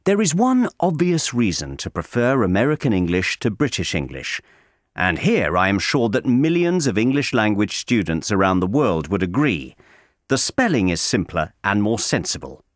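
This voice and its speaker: Male correspondent, scripted learner-audio read, wry and measured, very lively pitch, dry close sound. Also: dry recording. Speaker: correspondent reading a regular letter. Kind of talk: scripted narration for English learners.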